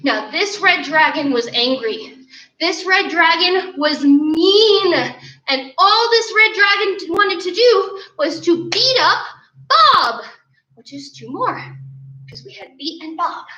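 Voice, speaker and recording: A young woman leads an online martial arts class for children, upbeat and encouraging as she counts reps and calls out punches and kicks. Her voice sits very high and bright, with a lively, bouncing melody. The sound is roomy and a little dull, as if captured in an indoor studio. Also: slow, a little hiss or hum. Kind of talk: online kids' class, coaching.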